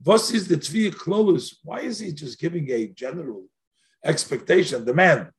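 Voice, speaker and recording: A man's voice: a little high, expressive, moderate pace. A man teaching a text-study lesson, working through questions aloud and slipping Yiddish and Hebrew phrases into his speech, his voice rising as he asks them. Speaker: Torah teacher.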